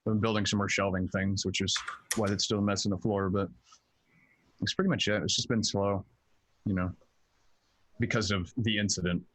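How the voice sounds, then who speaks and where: A man's voice: fairly low pitch, fairly even intonation, normal speed, long pauses, dry recording. A man, a tabletop game player, chatting casually at home, rambling with many fillers and swearing. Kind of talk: casual chat.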